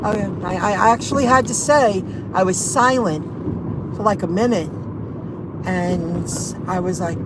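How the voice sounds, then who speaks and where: In a casual venting session, a woman who vlogs about rideshare and delivery driving shares an indignant story and reads out what viewers have commented. Her mid-range voice is expressive and unhurried, set against a noisy car and street background.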